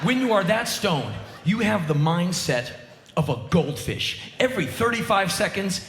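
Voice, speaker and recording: A man in his forties giving an animated live spoken word monologue on a theater stage, with sudden loud outbursts. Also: high-pitched, normal speed. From United States. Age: 40s. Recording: roomy live theater sound.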